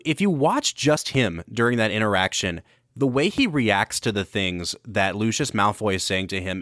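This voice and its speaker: A man with a lowish, slightly bright voice co-hosts a film and whiskey podcast, recorded with clean studio sound and no room echo. He talks through a movie in a casual, enthusiastic, analytical way.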